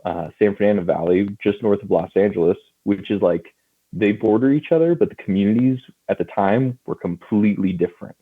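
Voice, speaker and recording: Give me a deep-voiced, husky man in his thirties chatting as a podcast guest over a tinny, phone-like line. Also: brisk. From California. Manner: animated storyteller, laughs often. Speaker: guest comic writer and publisher. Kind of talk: casual podcast chat.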